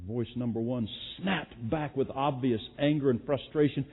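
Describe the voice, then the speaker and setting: A man's voice: mid-range voice, moderate pace, hardly any pauses. A man preaching a sermon as pastor, earnest and emphatic, repeating key phrases. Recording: echoey hall, phone-like sound.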